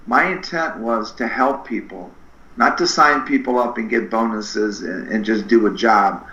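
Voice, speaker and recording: A middle-aged man telling stories as a podcast guest in an energetic, animated way, acting out the dialogue in his anecdotes. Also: lowish voice. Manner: animated, acts out quoted dialogue with shifting voices. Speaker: podcast guest, spinal screener. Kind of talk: energetic storytelling interview. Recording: echoey room, slightly dull sound.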